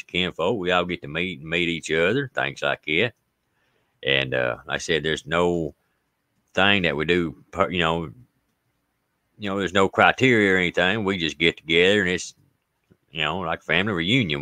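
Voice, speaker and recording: A man's voice: very deep voice, dry recording. A man with an Appalachian accent hosting a casual livestream, reading out viewer comments and stories in a folksy way. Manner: folksy, reads viewer comments and greets them warmly by name. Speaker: livestream host.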